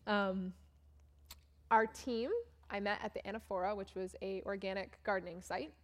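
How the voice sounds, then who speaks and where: A woman's voice: medium pitch, steady tone, moderate pace. A young woman from Maine telling a chatty, self-mocking story about a mission trip to a church audience while showing slides. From Maine, USA. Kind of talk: casual storytelling talk with slides.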